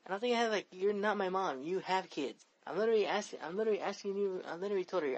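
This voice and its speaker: Fast-talking young man telling a long rant. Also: high-pitched, expressive, dull audio. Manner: rambling, repeats himself, swears freely. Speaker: podcast co-host. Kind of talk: casual chat.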